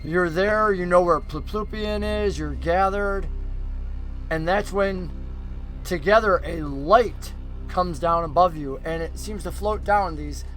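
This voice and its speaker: A man narrating a tabletop game as game master, relaxed and descriptive. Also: high-pitched, slow pace, soft background music. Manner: relaxed, descriptive, with frequent ums and laughs.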